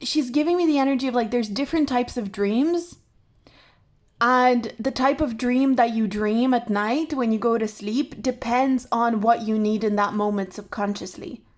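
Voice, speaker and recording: A woman's voice: on the high side, moderate pace, darkish tone. A woman tarot reader thinking aloud to camera, musing and restarting her sentences as ideas come to her. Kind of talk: intuitive tarot reflection to camera.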